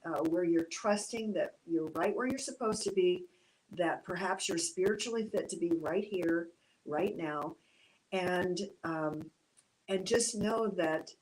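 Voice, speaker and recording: A woman teaching art in a casual, reflective way, gently encouraging, with many fillers and restarts. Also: lowish voice, measured pace, poor audio. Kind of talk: casual instructional talk.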